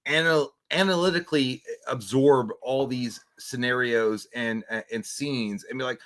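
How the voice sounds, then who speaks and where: A man's voice: medium pitch, unhurried, few pauses, a bit bright. A man co-hosting a casual movie livestream, telling rambling crude stories with frequent stammers and restarts. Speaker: podcast co-host. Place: indoor studio.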